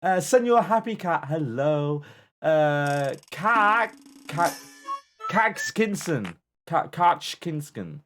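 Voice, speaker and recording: A man's voice: fairly high pitch, very animated, takes it slowly, a bit bright, faint music behind. A man chatting playfully on a game stream, greeting viewers and swearing freely. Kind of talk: casual gaming stream chat.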